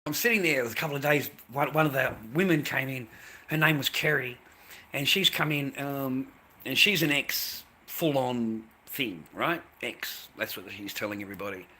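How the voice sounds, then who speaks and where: A man's voice: medium pitch, normal speed, sharp tone. An Australian man telling a workplace grievance in a blunt, repetitive rant with heavy swearing. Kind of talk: ranting monologue.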